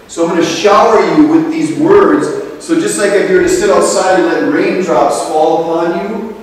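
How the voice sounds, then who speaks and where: A man leading a group through a guided healing meditation, speaking gently and slowly, heard from a distance in a large room. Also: on the high side. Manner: gentle, slow, repetitive guidance. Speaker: ceremony leader. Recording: echoey hall, recorded from far off.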